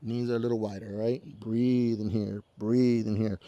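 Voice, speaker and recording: A man's voice: medium pitch, fairly even intonation, a little slow, few pauses, dark tone, no echo. A man leading a yoga flow, cueing breaths and poses in a laid-back way and swearing constantly. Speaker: yoga instructor. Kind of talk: guided yoga class with profane banter.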